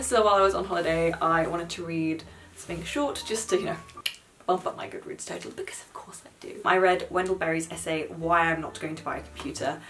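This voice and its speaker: A young woman talking casually to camera about books, animated and blunt, with sarcastic asides. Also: on the low side. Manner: chatty, animated, swears and mocks in quoted asides. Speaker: book vlogger. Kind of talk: casual chat.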